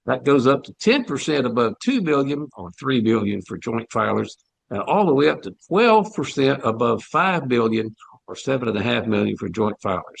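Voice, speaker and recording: A man's voice: medium pitch, vocal fry, breathy edge, no echo. A man co-hosting a talk show, giving sarcastic, folksy commentary on policy with plenty of fillers. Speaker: podcast co-host.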